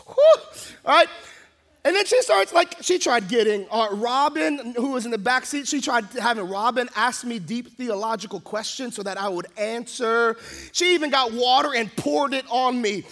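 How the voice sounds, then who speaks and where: A man preaching a sermon as a pastor, telling the story with lively, acted-out storytelling. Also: very high voice. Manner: animated storytelling, acting out the scenes.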